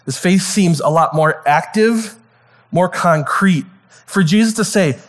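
Animated casual male preacher. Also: a little slow. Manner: animated, acts out the disciples with high excited voices. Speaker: pastor. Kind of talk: casual conversational sermon.

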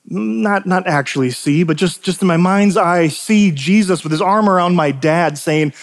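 A man's voice: high-pitched, measured pace. A male pastor preaching a sermon, telling personal stories earnestly and repeating lines for emphasis.

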